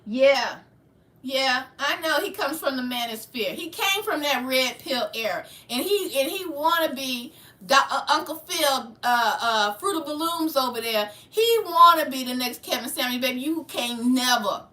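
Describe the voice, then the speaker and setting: A woman's voice: high voice, lively intonation, a little slow, sharp tone, far from the mic. A woman hosting her channel with heated, preachy livestream commentary, fiery and confrontational. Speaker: channel host. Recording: echoey room, away from mic.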